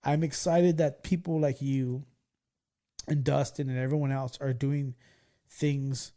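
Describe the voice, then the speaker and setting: A man in his forties from California, hosting a podcast and telling stories in a loose, profane, excitable way. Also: medium pitch, a little slow. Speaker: podcast host. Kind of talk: casual storytelling chat.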